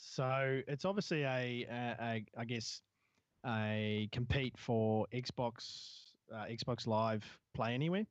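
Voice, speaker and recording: A man's voice: mid-range voice, slow pace, dry recording, dull audio. A man co-hosting a casual tech news podcast, rambling with many fillers and restarts. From Southern Hemisphere. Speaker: podcast co-host.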